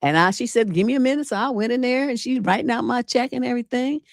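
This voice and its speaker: A middle-aged woman, a relationship coach and livestream host, telling a personal story in a casual, animated way, acting out quotes with attitude and cursing freely. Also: fairly high pitch, quick pace, vocal fry, no room sound. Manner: animated, sassy storytelling with acted-out quotes and swearing.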